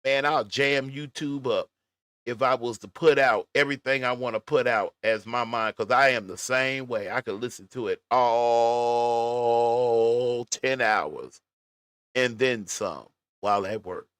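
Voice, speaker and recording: A man's voice: mid-range voice, unhurried, fairly bright tone, clear, resonant tone, no echo. A man giving blunt, profane reaction commentary on a clip, mocking and riffing on what he watches. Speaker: commentary vlogger.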